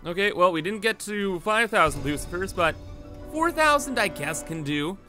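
A man's voice: high voice, lively intonation, moderate pace, over music. A young man giving playful, hyped commentary over his strategy game. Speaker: gaming YouTuber. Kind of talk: casual gameplay commentary.

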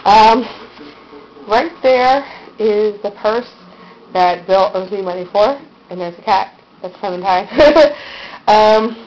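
Indoors in her bedroom, a woman vlogger rambles and giggles through a casual room tour, captured by the built-in mic of a handheld camera. She has a medium-pitched, slightly mellow voice, and the audio quality is poor.

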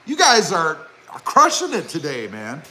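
A middle-aged man hosting a live stream, chatting with viewers and reading their comments aloud in an excitable, chatty way. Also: fairly high pitch, normal speed, poor audio. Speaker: YouTube car channel host.

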